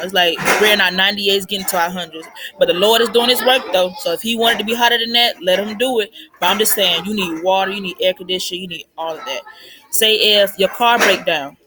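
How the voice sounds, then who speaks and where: Recorded on a phone against a noisy background, a young woman with a mid-range voice offers money advice off the cuff. She's chatty and repetitive, sprinkling in plenty of "like" and "I mean."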